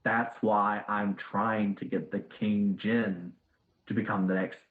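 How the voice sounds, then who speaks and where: A man's voice: fairly low pitch, level tone, takes it slowly. A weary, hesitant young princess, as a man puts her on in a tabletop game, earnest and pleading. The sound is tinny and echoey, like a voice-chat line in a bare room.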